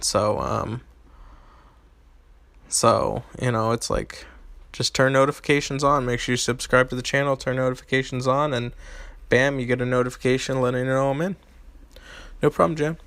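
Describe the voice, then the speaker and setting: A man's voice: medium pitch, a bit bright, no room sound. Man casually chatting with stream viewers. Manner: hesitant, many ums and restarts. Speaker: game streamer answering chat. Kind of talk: casual live-stream chat.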